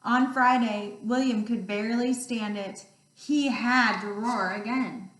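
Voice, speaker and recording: A woman teacher reading picture books aloud, expressive and playful, with roars. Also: a little high, slow pace. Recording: roomy sound, distant mic.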